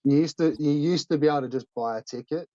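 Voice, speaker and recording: A man's voice: fairly high pitch, fast talker, no room sound. A man rambles through a story, cursing freely and leaning on "like" at every turn. His voice comes through dry and a little muffled, like a lo-fi recording. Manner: swears a lot, heavy use of "like", animated retelling. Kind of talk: casual storytelling chat.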